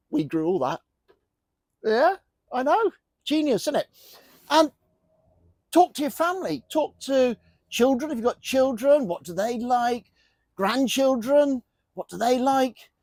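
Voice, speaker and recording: A man's voice: high-pitched, a little mellow, no room sound. An older man chatting to camera about his allotment from inside a polytunnel, jokey, with the odd mild swear word. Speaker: gardening vlogger. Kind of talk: casual chat to camera.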